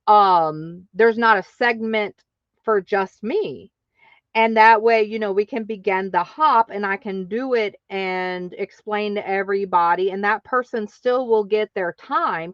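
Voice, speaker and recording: A woman's voice: mid-range voice, measured pace, dry recording, muffled recording. A woman hosting her craft channel, telling a story casually and acting out other people's lines in exaggerated voices.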